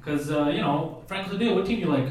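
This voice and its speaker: High, fast-talking excitable man host. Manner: excitable, quick jokes. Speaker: podcast host. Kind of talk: live podcast questioning. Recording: echoey room, distant mic.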